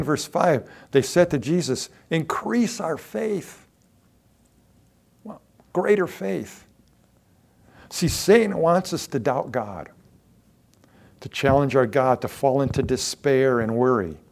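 A man's voice: mid-range voice, expressive, a little slow, creaky. Earnest preaching man, emphatic sermon. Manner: earnest, emphatic, swings between soft asides and loud declarations; repeats words when stressing a point. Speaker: pastor.

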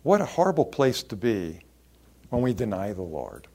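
A man preaching a sermon, expressive and acting out the people he quotes. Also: on the low side, normal speed. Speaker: pastor.

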